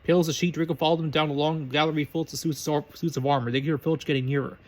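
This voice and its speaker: A man reads a story aloud at a brisk clip, now and then stumbling and restarting a phrase. His voice sits somewhat high and moves quickly. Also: steady tone. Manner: brisk reading with slips and restarts. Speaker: reader of fan fiction.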